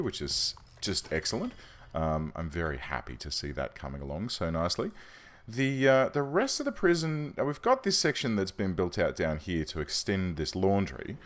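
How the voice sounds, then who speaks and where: A man's voice: deep voice, a little hiss or hum. A man hosting a let's-play video, rambling and self-deprecating with lots of ums as he plays. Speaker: gaming channel host.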